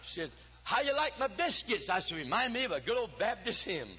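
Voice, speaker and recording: An older man delivers a folksy Baptist sermon in a high, bright voice that swoops up and down as he tells jokes and stories. His tone is a little husky, and the lo-fi recording carries a long church reverb. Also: very animated, fairly quick. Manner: folksy, humorous storytelling with chanted preaching cadence. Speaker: preacher. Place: church sanctuary.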